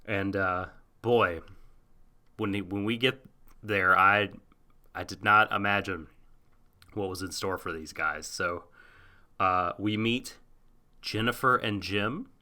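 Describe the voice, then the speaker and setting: Co-hosting an anime podcast, a man speaks slowly in a lowish, bright, forceful voice, pausing often. His casual talk is hesitant and crowded with fillers and restarts.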